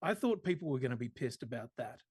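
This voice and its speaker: A man's voice: mid-range voice, animated, fast talker, a little mellow, husky, no echo. A man co-hosting a podcast in casual chat, talking bluntly and wryly with plenty of swearing. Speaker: podcast co-host.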